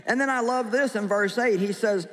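A woman preaching a sermon to a live congregation, emphatic and joking, often quizzing her listeners. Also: mid-range voice. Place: large hall with an audience. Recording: long hall reverb with faint crowd.

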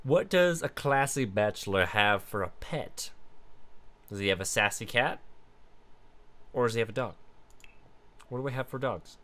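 A man hosting a casual let's-play, chatting through his game and now and then bursting into excited high squeals. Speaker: gaming video host.

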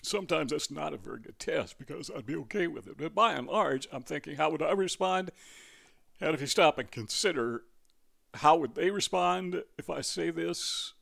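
A man's voice: on the high side, animated, moderate pace, creaky, a bit bright. An older man with a Midwestern accent, talking in a rambling, conversational way, full of fillers and self-corrections. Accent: Midwestern American. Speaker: vlogger. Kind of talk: casual talking-head monologue.

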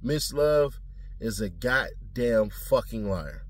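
A man's voice: medium pitch, lively intonation, slow pace, a little hiss or hum. A man giving blunt, slangy, profane commentary in a casual talking style.

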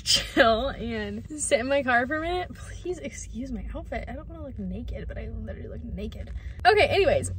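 A young woman of twenty, from southeastern Michigan, chats straight to camera in a casual vlog. Her voice sits fairly high, and she rambles along, dropping plenty of "like" and "um". A faint hum of room ambience sits behind her. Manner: chatty and rambling, full of "like" and "um". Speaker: vlogger.

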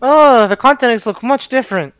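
A man's voice: very high-pitched, brisk, very noisy. A man in a group reaction chat who exclaims eagerly at what he sees.

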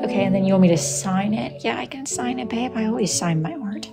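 A woman's voice: fairly high pitch, a little fast, creaky, over loud music. A young woman hosting a casual livestream, reading viewer comments aloud in a sassy, dramatic, playful way. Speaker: livestream host.

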